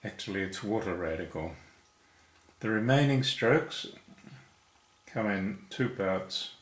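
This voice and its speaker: Slow, animated and lowish in pitch, a man gives stroke-by-stroke lessons on writing Chinese characters, counting every stroke aloud in a patient way. The room he records in is echoey.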